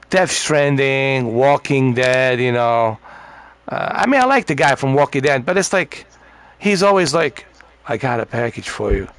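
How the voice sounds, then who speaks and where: A man's voice: on the high side, vocal fry, fairly bright tone, no room sound. A man ranting bluntly and profanely in a casual gaming party chat. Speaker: streamer.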